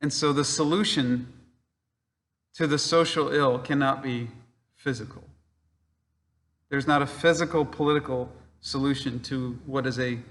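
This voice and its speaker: A man giving a measured, earnest spiritual reflection, pausing for emphasis. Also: medium pitch, fairly bright tone, in a large hall. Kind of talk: spoken reflection.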